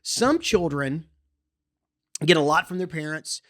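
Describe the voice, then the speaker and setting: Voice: medium pitch, animated, unhurried. A podcast host in an opinionated monologue, getting worked up and often restarting and repeating words.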